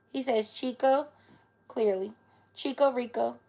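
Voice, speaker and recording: High gravelly woman cooing at her pets. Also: unhurried, long pauses. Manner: playful, coos at her pets in baby talk. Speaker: live streamer. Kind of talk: casual live-stream chat.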